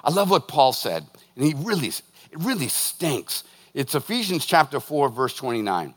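A man, a pastor preaching a sermon, lively and joking as he tells stories to his congregation. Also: medium pitch, moderate pace. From northern United States. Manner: lively, joking, animated storytelling. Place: church hall. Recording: long hall reverb.

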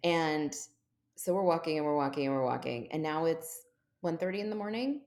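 A woman's voice: low voice, brisk. A woman in her forties, a podcast guest, telling a long funny story in casual chat and jumping into quoted voices. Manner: animated, jumps into quoted voices.

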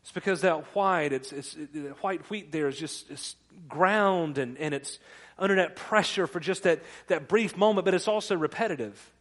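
A man's voice: fairly high pitch, normal speed, a bit bright. A male pastor delivering a conversational sermon, stumbling over restarts and asking the congregation questions. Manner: conversational preaching with repeated restarts.

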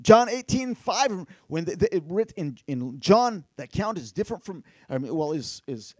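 A man preaching a sermon, animated and talking straight to his listeners, at times rising to near-shouts. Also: sits high, moderate pace, dry recording. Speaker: pastor.

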